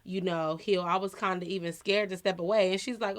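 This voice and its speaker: A woman's voice: on the low side, fairly even intonation, a little fast, few pauses. A woman in her thirties, a podcast co-host sharing personal stories in an earnest, reflective, conversational way.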